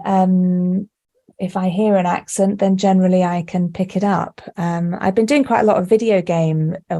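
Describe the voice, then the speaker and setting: Lively, laughing woman with a gravelly edge. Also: lowish voice. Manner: lively, laughs often, animated storytelling. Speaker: guest, actor and director. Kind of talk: podcast interview chat. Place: remote call, not with the hosts.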